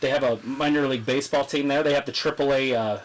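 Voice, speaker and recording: A man hosting a casual live wrestling watch-along, chatting, joking and reading viewer comments aloud while his voice grows hoarse. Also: mid-range voice, steady tone, fast talker, low-quality recording. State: losing his voice. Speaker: livestream host.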